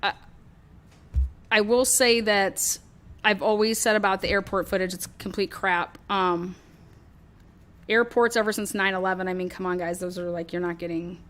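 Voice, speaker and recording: A woman's voice: medium pitch, fairly even intonation, moderate pace, fairly bright tone. A woman hosting a true crime show, talking through her theory in a rambling, casual way, swearing often and acting out what others might have said.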